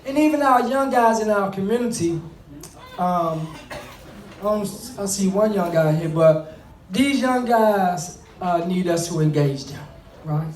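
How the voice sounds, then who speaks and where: A man's voice: high voice, a little slow, a little mellow, slight background noise. A middle-aged man gives an earnest, conversational talk on fatherhood to a room, repeating himself and restarting his phrases. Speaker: speaker on fatherhood. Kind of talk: motivational talk to an audience. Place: room with an audience. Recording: echoey room, mic at a distance.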